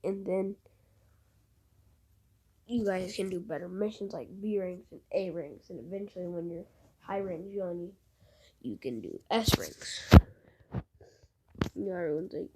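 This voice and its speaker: A woman's voice: on the low side, measured pace, long pauses, noisy background. A woman casually retelling an invented fan story, rambling through events and recounting dialogue with "he's like", often dropping to a near whisper.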